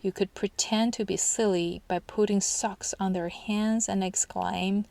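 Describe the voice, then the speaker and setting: Calm woman narrating a parenting lesson, dry. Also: mid-range voice, unhurried, gravelly, few pauses, no echo. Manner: calm, steady, instructional delivery. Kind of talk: scripted book-summary narration.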